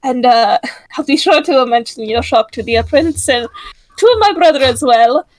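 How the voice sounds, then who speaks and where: A woman's voice: sits high, lively intonation, normal speed, dry recording, poor audio. A woman playing a playful young male traveler in a tabletop game, speaking hesitantly with many fillers. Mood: grateful.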